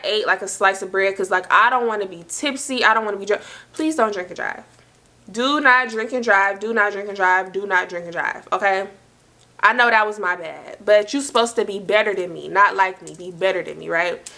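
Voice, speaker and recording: Bright-voiced fast-chatting young woman. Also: medium pitch. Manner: chatty, slangy, talks fast and loops back with asides. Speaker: storytime vlogger. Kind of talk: casual storytelling to camera.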